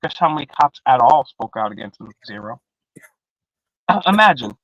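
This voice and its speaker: Bright-voiced rambling man on a stream. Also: medium pitch, moderate pace, no room sound, highs cut off. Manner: rambling, profane, slang-heavy; restarts often, animated. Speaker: live panel participant. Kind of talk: casual live-stream panel chat. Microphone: video call.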